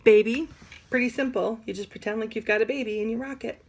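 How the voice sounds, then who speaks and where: A woman teaching sign language vocabulary in an animated, demonstrative way, with playful asides. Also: a little high, quick pace. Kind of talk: classroom lesson.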